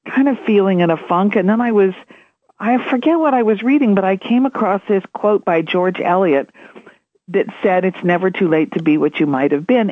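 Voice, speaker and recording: A woman's voice: mid-range voice, no echo. Brief: woman author chatting by phone, casual fillers, tinny lo-fi line. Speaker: author guest. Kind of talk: interview conversation.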